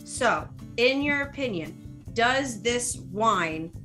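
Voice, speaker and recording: A woman's voice: on the high side, animated, slow, pushed and bright, faint music behind. A woman hosting a comedic drinking chat show over a video call, teasing and bawdy with her guests. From United States. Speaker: host.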